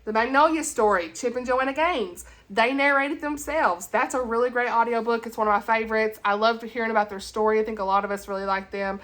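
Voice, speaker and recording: A woman's voice: a little high, a little fast, hardly any pauses, a bit bright. Chatty woman vlogging about books. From Tennessee, USA. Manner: chatty and rambling, with gushing enthusiasm. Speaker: book vlogger. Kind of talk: casual chat.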